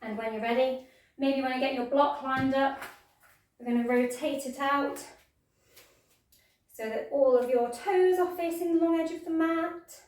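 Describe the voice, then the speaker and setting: A woman teaching a yoga class, giving gentle, playful step-by-step cues. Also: sits high, normal speed, long pauses, distant mic, a little hiss or hum. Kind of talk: guided yoga class instruction. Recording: echoey room, voice from off mic.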